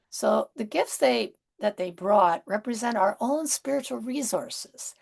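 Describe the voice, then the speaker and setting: A woman minister giving a Christmas sermon in a gentle, conversational way, with soft asides and rhetorical questions. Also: fairly high pitch, lively intonation, a little slow, creaky, hardly any pauses.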